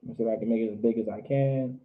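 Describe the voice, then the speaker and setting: A man's voice: on the low side, steady tone. Man teaching a class over tinny audio. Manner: repetitive, drills phrases slowly syllable by syllable. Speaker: language teacher. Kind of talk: online class lecture.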